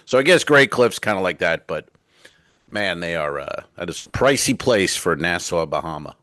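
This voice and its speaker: A man's voice: deep voice, lively intonation, moderate pace, sharp tone, no echo. A middle-aged man, a stand-up comedian co-hosting a podcast, telling rambling, profane stories and acting out the people in them. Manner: rambling, profane storyteller who acts out quotes. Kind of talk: casual comedic chat. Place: cruise ship cabin.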